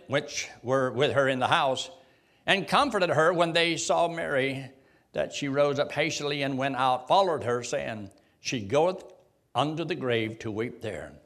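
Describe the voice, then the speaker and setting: A man's voice: mid-range voice, a bit bright. A man teaching a Bible study, reading scripture aloud and putting questions to the group in a folksy way. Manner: folksy, reads King James verses aloud and quizzes the group.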